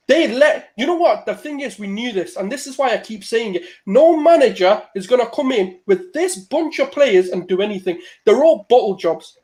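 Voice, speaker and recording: A man's voice: extremely high pitch, lively intonation, normal speed, few pauses, a little mellow. A man ranting furiously and swearing about his football team after a match. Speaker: Arsenal fan panelist.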